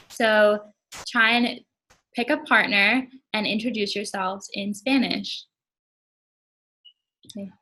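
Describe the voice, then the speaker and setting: A woman's voice: medium pitch, steady tone, measured pace, sharp tone, low-quality recording. A young woman presenting a classroom lesson in a casual tone, explaining words one by one. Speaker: language and culture presenter. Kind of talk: classroom teaching.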